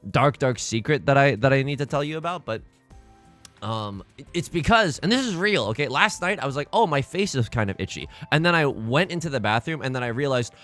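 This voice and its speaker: A young man giving casual, self-mocking commentary over a mahjong game, jokey and animated. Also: mid-range voice, a little fast, soft background music. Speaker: mahjong streamer. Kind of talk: casual let's-play commentary.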